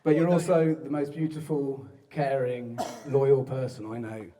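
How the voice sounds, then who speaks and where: Guests laugh and chat in the reception hall as a young man from southern England gives his groom's speech, poking fun at himself and often dissolving into laughter. He speaks in a warm, level, mid-range voice at an unhurried pace.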